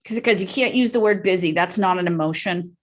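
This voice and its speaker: A woman's voice: on the low side, a little fast. A woman leading a live real estate training call, upbeat and peppering the group with "right?" as she talks.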